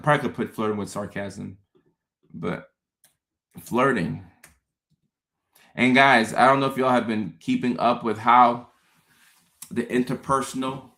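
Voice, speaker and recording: A man hosting a casual livestream, talking to viewers in an animated way, often repeating words and acting out his own thoughts. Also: mid-range voice, measured pace, long pauses. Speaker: host.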